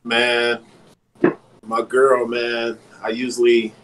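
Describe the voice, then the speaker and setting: A man talking casually as a podcast guest, relaxed and slangy. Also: medium pitch, takes it slowly, noisy background. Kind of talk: casual group chat.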